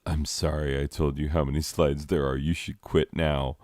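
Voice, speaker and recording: A man's voice: a bass voice, flat delivery, moderate pace, darkish tone, no echo, clean studio sound. A man giving rambling, exasperated comedic commentary on slides, full of "like" fillers.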